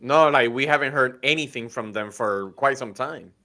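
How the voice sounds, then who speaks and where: Bright-voiced man with dry remarks. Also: mid-range voice, moderate pace. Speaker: co-host. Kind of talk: casual livestream chat.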